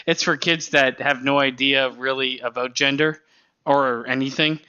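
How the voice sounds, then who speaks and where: A man's voice: mid-range voice, fairly even intonation, normal speed, bright, forceful tone, clean tone, no room sound, dull audio. A man hosting a podcast in casual chat, rambling with lots of fillers and laughing partway through sentences. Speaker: podcast host.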